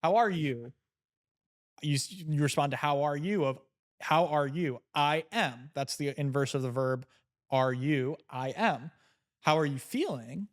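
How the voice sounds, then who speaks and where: A man's voice: on the high side, unhurried. A man being interviewed on a podcast, talking in a reflective, coaching way about emotions and self-awareness. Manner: reflective, coaching tone with frequent restarts. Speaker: guest entrepreneur. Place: seated in a chair indoors.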